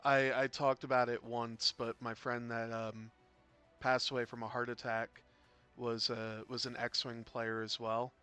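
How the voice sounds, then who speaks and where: A man casually commentating a tabletop game, rambling and chatty, breaking into sudden loud excited bursts. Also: medium pitch, measured pace, clear, resonant tone, soft background music. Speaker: game caster.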